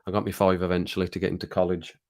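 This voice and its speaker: Speaking from his home streaming room, a middle-aged Midlands-accented man chats casually with live viewers, wandering off topic and chuckling. He has a low-pitched voice with an utterly flat delivery, and he races through his words.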